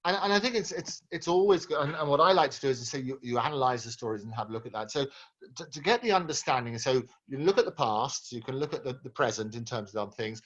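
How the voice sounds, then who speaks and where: A man hosting an interview, asking questions haltingly with many restarts. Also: mid-range voice. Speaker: interview host. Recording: dull lo-fi sound.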